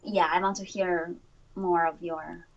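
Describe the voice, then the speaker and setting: A woman's voice: fairly low pitch, fairly even intonation, unhurried, far from the mic, dull audio, slight background noise. A woman learning English pronunciation who asks questions and carefully repeats the phrases her teacher gives her. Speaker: language student. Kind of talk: online lesson, repeating after teacher.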